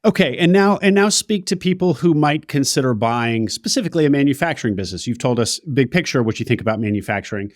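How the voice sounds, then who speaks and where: A man's voice: mid-range voice, animated, fast talker, few pauses, dry recording, clean studio sound. A man hosting a podcast interview, asking long questions with frequent restarts. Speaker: podcast host.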